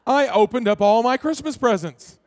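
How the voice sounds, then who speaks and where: A pastor delivering a sermon who tells stories, then slows down and drops to a soft voice to stress a point. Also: male voice, very high-pitched. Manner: storytelling, slowing down and dropping soft to stress a point.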